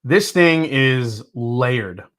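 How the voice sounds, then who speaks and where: A man hosting a live whiskey tasting, talking in a rambling, excitable way with lots of fillers and restarts. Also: medium pitch, very slow. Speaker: whiskey reviewer, host. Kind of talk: casual live tasting review.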